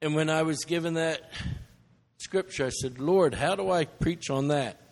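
A man's voice: fairly high pitch, measured pace, a little hiss or hum. Man, middle-aged, earnest, emotional, sermon delivery, echoing sanctuary. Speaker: missionary preacher. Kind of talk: sermon storytelling. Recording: long church reverb.

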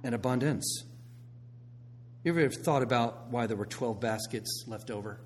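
Middle-aged man, pastor, sermon, lively storytelling, loud then hushed, faint hum behind. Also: medium pitch, normal speed. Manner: animated storytelling, swings between loud and hushed.

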